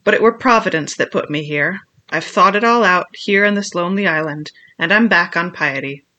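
A ragged old castaway man, half-crazed from years alone, as a storyteller puts him on. He drawls slowly in rough sailor speech, his voice bright and a touch lifted. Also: mid-range voice, lo-fi sound, lightly acted. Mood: earnest.

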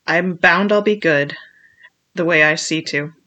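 A reader voicing a ragged, half-crazed old male castaway who speaks in a slow, drawling old-sailor way. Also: mid-range voice, pushed and bright. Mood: earnest.

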